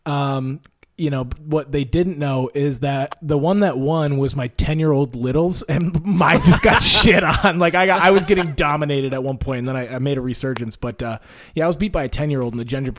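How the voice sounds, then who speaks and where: A young man hosting a casual chat with friends, telling stories with lots of laughs. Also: mid-range voice. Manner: animated storyteller, laughs often.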